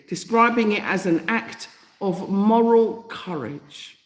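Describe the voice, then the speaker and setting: A woman's voice: medium pitch, lively intonation, takes it slowly. A woman hosting a live stream in a casual way. She reads from notes, restarts her sentences, giggles to herself now and then, and answers viewers' comments directly. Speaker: livestream host. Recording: echoey room.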